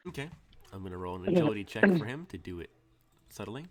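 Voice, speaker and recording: A man's voice: lowish voice, sing-song, fast, a crowd in the background. A man narrating as game master, talking loosely with many fillers and restarts. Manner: rambling, full of fillers and restarts.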